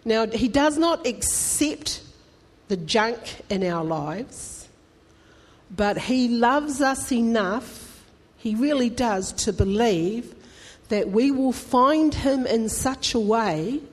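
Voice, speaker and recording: A woman's voice: on the high side, lively intonation, slow pace. Woman preaching in a reverberant hall. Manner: conversational, emphatic, rising to fervent appeals. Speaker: pastor. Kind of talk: sermon.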